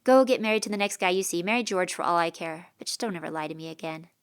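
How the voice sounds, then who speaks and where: A woman's voice: lowish voice, fast, clean tone, close to an everyday voice. A woman voicing a stubborn young man who speaks firmly and earnestly, in a storybook reading. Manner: firm, earnest.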